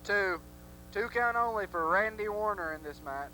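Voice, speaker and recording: Bright, excited wrestling commentator. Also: male voice, sits high, normal speed, a little hiss or hum, rough recording. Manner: excited, hype-driven. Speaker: play-by-play commentator. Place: armory arena.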